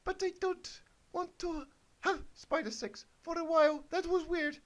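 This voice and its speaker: A man voicing a timid female pony who has turned into a spider, in a squeaky, whiny falsetto. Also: steady tone, a little slow, fairly bright tone.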